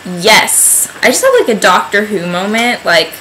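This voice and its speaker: A woman's voice: medium pitch, expressive, a little fast, fairly bright tone, a little hiss or hum, rough recording. Chatty young woman rambling to camera. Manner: rambling, chatty, heavy use of "like". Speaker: vlogger. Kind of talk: casual vlog chat to camera.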